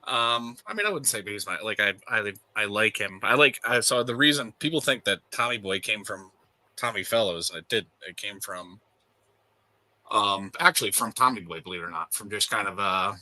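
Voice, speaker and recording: A man's voice: fairly low pitch, animated, normal speed, pushed and bright, no echo, low-quality recording. A young man from the States chatting casually, rambling with lots of fillers and restarts. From United States. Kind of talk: casual chat.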